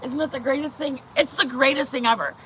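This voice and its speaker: A middle-aged woman vlogger telling a story to her viewers in a chatty, animated way that often turns to her faith. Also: sits high, fast talker. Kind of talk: casual storytelling to camera.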